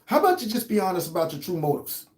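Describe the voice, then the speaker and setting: A man's voice: high-pitched, huge pitch swings, fast talker, heavy background noise. A man hosting his own commentary show, talking in a heated, mocking, sarcastic way. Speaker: host. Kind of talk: political commentary. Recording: roomy echo.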